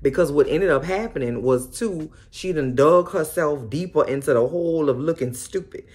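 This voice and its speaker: A woman hosting a casual recap of a TV episode, telling it in a sassy, animated way full of exclamations. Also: deep voice, moderate pace. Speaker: host.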